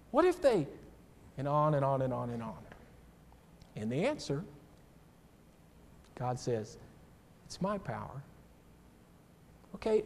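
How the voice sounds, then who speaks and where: Emphatic preacher man, slightly high voice. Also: darkish tone, big-room sound. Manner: emphatic, asks the class rhetorical questions; storytelling, personal asides. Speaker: church class teacher. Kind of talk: sermon. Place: church classroom.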